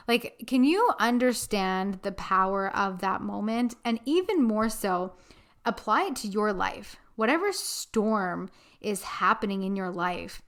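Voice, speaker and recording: A young woman hosting a spiritual podcast, telling a story in an earnest, animated way with casual fillers. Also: mid-range voice, smooth. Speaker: podcast host.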